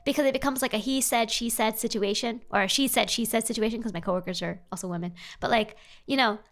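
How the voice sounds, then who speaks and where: A young adult woman streaming casual advice chat, animated and playful, jumping up in pitch for emphasis. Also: quick pace, soft background music. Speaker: vtuber streamer giving advice.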